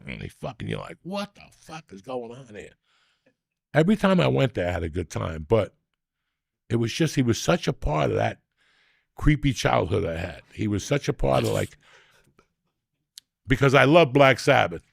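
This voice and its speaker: Gravelly older man, profane storyteller. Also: mid-range voice, very animated, moderate pace, long pauses, no room sound, studio quality. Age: 60s. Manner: profane, rambling, teasing storyteller. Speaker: podcast host. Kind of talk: casual chat and storytelling.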